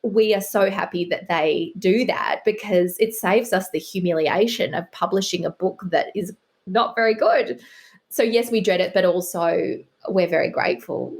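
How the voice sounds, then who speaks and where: A woman's voice: lowish voice, normal speed. A middle-aged woman, a guest author, chatting in an interview with a wry, self-deprecating humor. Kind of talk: casual interview chat.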